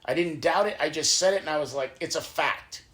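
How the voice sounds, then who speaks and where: A man hosting a podcast, telling personal stories in an animated, profane, casual way. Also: fairly high pitch, a little fast. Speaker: podcast host. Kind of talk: casual storytelling chat.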